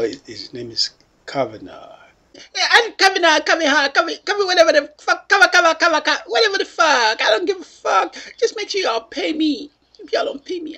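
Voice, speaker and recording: A woman's voice: sits high, gravelly, a bit bright, slightly rough, heavily acted. A woman voicing a whiny, foul-mouthed woman testifying before lawmakers, in a put-on baby voice that whimpers and turns crude. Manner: whimpering and teary, then crude and threatening. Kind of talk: mocking parody monologue.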